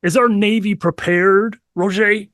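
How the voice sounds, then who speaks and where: A man's voice: high-pitched, steady tone, unhurried, a bit bright, dry recording, studio quality. A man playing a pompous boastful emperor. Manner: pompous, self-praising. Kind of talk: improvised comedy role-play.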